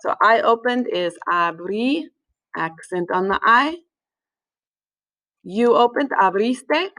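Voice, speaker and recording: A woman teaching a recorded language lesson in a relaxed way, with many fillers, slowing down to spell words out. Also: on the high side, rough recording. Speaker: Spanish teacher.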